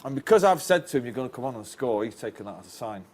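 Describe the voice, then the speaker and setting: A man's voice: mid-range voice, animated, rapid-fire, a little mellow, a little hiss or hum. Rambling Northern English male storyteller. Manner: rambling storyteller, chuckles often, restarts lines. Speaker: interview guest. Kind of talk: casual anecdote telling.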